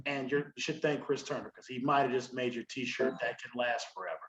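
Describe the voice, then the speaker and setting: A man co-hosting a podcast in casual chat, telling stories in an animated, swearing, laughing way. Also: medium pitch, a little fast, roomy sound, highs cut off. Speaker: podcast co-host.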